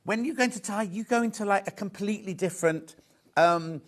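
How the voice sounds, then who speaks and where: On a live TV shopping channel, a Yorkshire-accented man talks up fabric in a chatty, gushing style packed with asides. He speaks a little fast in a high-pitched voice.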